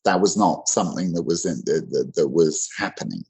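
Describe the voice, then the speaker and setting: A man's voice: low-pitched, lively intonation, fairly quick, vocal fry, a little mellow, husky, rough recording. A man teaching English grammar in an online lesson, explaining in a loose conversational way with many fillers and restarts.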